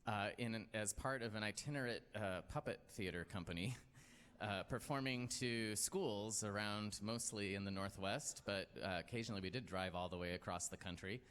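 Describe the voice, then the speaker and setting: Long hall reverb surrounds this American storytelling show host as he shares a personal tale at a live event. His voice is lowish, fairly bright, and smooth at a moderate pace, and he rambles and pokes fun at himself, using many fillers.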